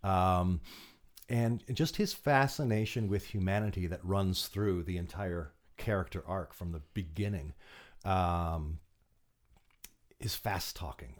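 A man, an actor guest, talking in a casual podcast interview, with halting speech full of restarts and quick laughs. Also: sits low.

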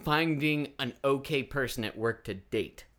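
A man's voice: mid-range voice, a little slow, fairly bright tone. Easygoing male actor chatting as a guest. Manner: easygoing, laughs often, rambling. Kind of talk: casual comedy podcast chat.

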